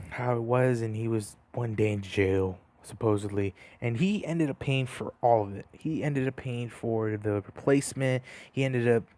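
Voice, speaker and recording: A man's voice: medium pitch, darkish tone, dry recording. A young man casually telling a story over gameplay, rambling with lots of fillers and restarts. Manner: rambling, many fillers and restarts, laughs at himself.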